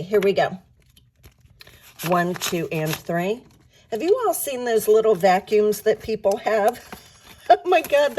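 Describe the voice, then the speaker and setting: A woman vlogging about budgeting in a casual, upbeat way, counting bills aloud, her voice a little rough from the early morning. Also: on the low side, a little mellow, a little hiss or hum. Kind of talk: casual chat to viewers.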